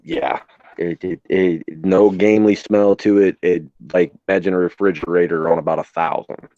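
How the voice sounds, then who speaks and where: A low, deep-voiced man with a dark, mellow tone tells rough, plainspoken stories in casual chat. His recording sounds dry and a little muffled. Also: fairly even intonation, normal speed, no echo. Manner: plainspoken, swears freely, acts out quoted voices. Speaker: host, former emergency responder. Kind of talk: casual storytelling on a live stream.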